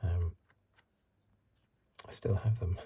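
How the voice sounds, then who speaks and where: Middle-aged male ASMR host, soft-spoken, low-pitched, very husky and breathy, close mic. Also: steady tone, slow. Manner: soft-spoken, drifts into whispers, rambling asides.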